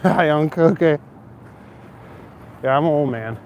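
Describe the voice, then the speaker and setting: A man's voice: fairly high pitch, measured pace, a little mellow, muffled recording. A man in his thirties talks to his stream while he walks outdoors through city streets. His talk is loose and casual, with swearing and frequent laughs. Faint traffic noise hums behind him. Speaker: livestreamer. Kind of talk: casual walking livestream chat.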